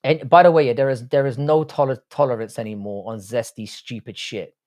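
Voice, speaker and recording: A man's voice: medium pitch, steady tone, brisk, a little mellow, dry recording, clean studio sound. A man, hosting a casual livestream, reading out viewer comments and bantering with plenty of swearing and slang. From United Kingdom. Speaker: livestream host.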